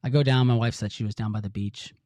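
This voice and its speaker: A middle-aged man hosting a podcast, telling a personal story in an earnest, halting way with many restarts. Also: fairly low pitch, steady tone, darkish tone, dry recording. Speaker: podcast host.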